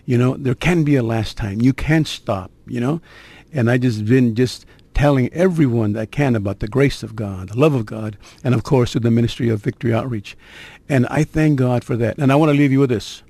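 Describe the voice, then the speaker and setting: An older man tells his conversion story in a gravelly, husky voice, recorded dry and close. He keeps it conversational and streetwise and builds suspense with little asides to the listener. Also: mid-range voice, fairly quick, mellow, dry recording. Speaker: guest sharing his conversion testimony. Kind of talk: personal testimony storytelling.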